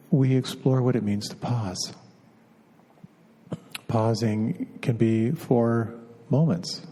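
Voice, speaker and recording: A man giving a dharma talk as a meditation teacher, gentle and unhurried, pausing often and repeating words as he searches for them. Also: fairly low pitch, breathy edge. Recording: long hall reverb.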